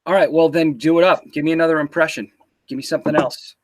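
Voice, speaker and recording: A man's voice: fairly high pitch, steady tone, fast talker. A man hosting a casual livestream interview, teasing and swearing loosely as he chats into a computer mic. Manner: teasing, profane, loose banter.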